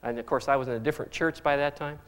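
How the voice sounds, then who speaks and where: A man's voice: medium pitch, steady tone, racing, fairly bright tone, clear, resonant tone. A middle-aged man preaching a sermon as pastor, earnest and fond of repeating phrases for emphasis.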